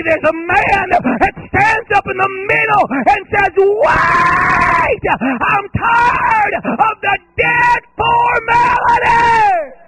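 A man preaching a revival sermon, driving his points home with rhythmic repetition and shouted cries. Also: very high voice, noisy background.

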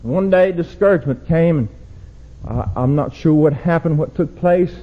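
Man, preacher, husky voice, fairly high pitch, shouting sermon, dull lo-fi recording. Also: moderate pace. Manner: rises to loud shouted exhortation, drops low and quiet.

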